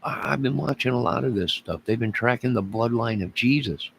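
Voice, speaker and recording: A YouTube channel host with a mid-range voice and some vocal fry talks a little fast in a rambling solo vlog, wandering between topics and frequently starting over. Slight background noise and low recording quality are noticeable.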